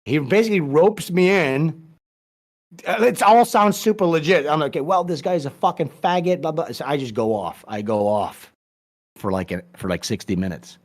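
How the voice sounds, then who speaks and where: A man's voice: on the high side, moderate pace. A man guest on a podcast, telling a long story in casual, profane, rambling talk with many restarts.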